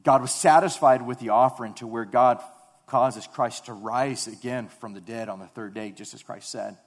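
A man preaching a sermon, reading scripture and then expounding it with emphatic, repeated phrases that build to loud, fervent passages. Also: mid-range voice, fairly even intonation, moderate pace.

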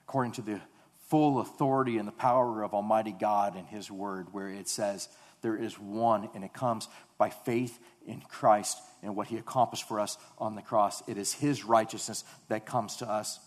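A man's voice: lowish voice, steady tone, moderate pace. Fervent emphatic preacher man. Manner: emphatic and repetitive, building to loud fervent passages; reads scripture aloud then expounds on it. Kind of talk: sermon.

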